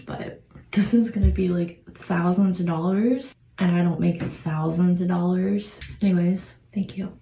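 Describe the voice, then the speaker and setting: A woman's voice: lowish voice, dark tone, slight background noise. A young woman filming a confessional vlog, anxious and close to tears as she talks to the camera. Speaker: vlogger. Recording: echoey room, faint ambience.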